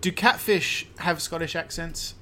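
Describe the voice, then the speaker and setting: A man's voice: a little high, unhurried, bright, forceful tone. Laughing, jokey podcast co-host man. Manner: jokey, laughs often, trails off in hesitations. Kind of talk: casual chat.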